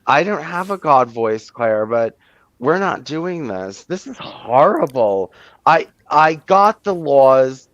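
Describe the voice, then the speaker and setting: A man's voice: a little high, very animated, slow, a bit bright, dry recording. A man hosting a casual live stream, blunt and exasperated, swearing now and then. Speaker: stream host. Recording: dull lo-fi, dry sound.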